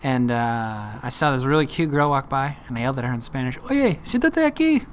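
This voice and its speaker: A man's voice: mid-range voice, fairly even intonation, brisk, a little hiss or hum. A young man from California casually telling a story about himself, self-deprecating and rambling with fillers.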